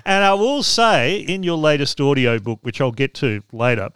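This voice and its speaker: A man hosts a casual podcast chat, explaining with dry, wry asides. His voice is smooth and clear at a middle pitch and sits close to a dry microphone. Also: sing-song, normal speed, fairly bright tone, no room sound. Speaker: podcast host.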